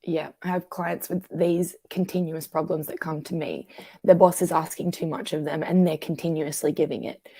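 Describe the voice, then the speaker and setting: Aussie woman coach chatting in an interview, dry close sound, mellow tone. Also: low voice, moderate pace, dry recording. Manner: animated, acts out quoted voices. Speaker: guest coach. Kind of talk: conversational interview.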